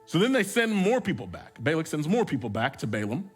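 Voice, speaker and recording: A man's voice: fairly high pitch, sing-song, brisk, slightly rough, soft background music. A man pastor preaching a sermon, telling stories in a casual, joking way with frequent restarts. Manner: conversational, humorous storytelling with repeated restarts.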